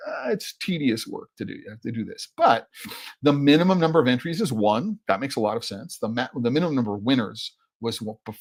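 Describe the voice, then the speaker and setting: Here a male podcast host works alone, his mid-range voice a little mellow. The commentary is casual and rambling, he sounds exasperated as he thinks out loud, and fillers crop up constantly.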